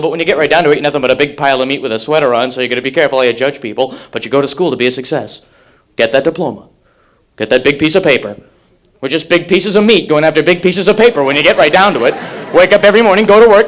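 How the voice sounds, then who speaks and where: A young male stand-up comic races through his set in a slightly high voice, at a clipped, breathless pace. He is from Massachusetts and keeps the delivery wry and rapid-fire. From Massachusetts, USA. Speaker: stand-up comedian.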